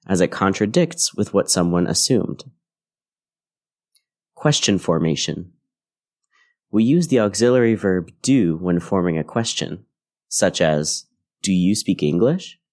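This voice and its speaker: A man hosting an English-learning podcast as a teacher, reading a scripted grammar lesson in a clear, measured way. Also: sits low, darkish tone. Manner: clear, measured explanatory delivery.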